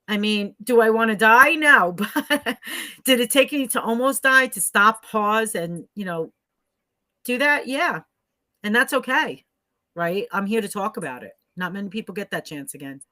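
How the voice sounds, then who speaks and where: A middle-aged woman speaking as a podcast guest, earnest and reflective, laughing easily. Her voice is bright and forward. The sound is dry and close, with no room echo. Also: mid-range voice, animated, moderate pace. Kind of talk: conversational interview.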